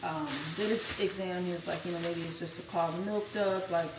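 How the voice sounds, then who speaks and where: A woman's voice: lowish voice, steady tone, moderate pace. A woman in her twenties chatting casually while she cooks at home, blunt and profane, talking straight to her viewers. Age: 20s. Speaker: vlogger. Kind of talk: casual storytime while cooking. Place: home kitchen. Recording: echoey room with loud background noise.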